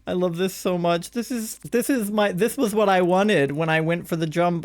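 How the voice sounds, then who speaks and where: Young male streamer, excitable and gushing, slightly high and smooth voice, casual live commentary. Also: normal speed, few pauses. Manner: gushing, excitable, coos at cute creatures.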